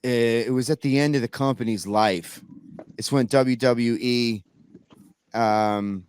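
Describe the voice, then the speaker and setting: A man's voice: mid-range voice, slow, darkish tone, a little hiss or hum. A man telling a backstage story in casual podcast chat, rambling with many restarts and fillers. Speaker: guest musician.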